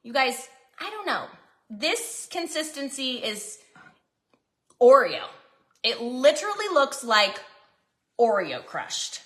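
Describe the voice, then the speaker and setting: Woman cooking-vlog host, high bright voice that swoops around, self-mocking, echoey kitchen. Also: very animated, slow, long pauses. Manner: chatty, self-mocking, dramatic pleas for help. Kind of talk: casual kitchen chat to viewers. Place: home kitchen.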